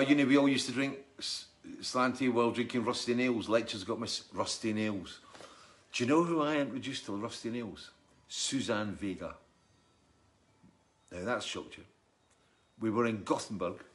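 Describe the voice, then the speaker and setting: A man's voice: mid-range voice, normal speed, fairly bright tone. A middle-aged man, casually chatting and telling rambling stories while reading out viewer comments on a live stream. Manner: rambling storyteller, chatty and jokey. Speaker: musician hosting a live stream.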